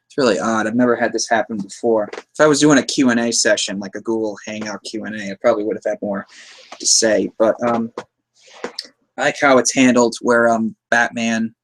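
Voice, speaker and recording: A man hosting a podcast, recapping a movie in a casual, rambling way, chuckling often and slipping into quoted lines. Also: medium pitch. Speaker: podcast host.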